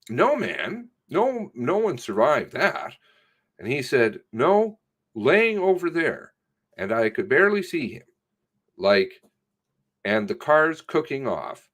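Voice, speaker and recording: Halting, animated police sergeant retelling. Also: male voice, mid-range voice. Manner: halting, profane, self-correcting retelling. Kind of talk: recorded statement recounting an incident.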